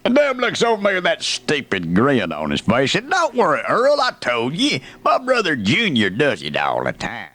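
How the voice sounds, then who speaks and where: A man's voice: on the high side, huge pitch swings, moderate pace, few pauses, bright, forceful tone, voice pushed down, exaggerated voice. A man playing an indignant folksy redneck who rants about dumb neighbors. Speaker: radio comedian.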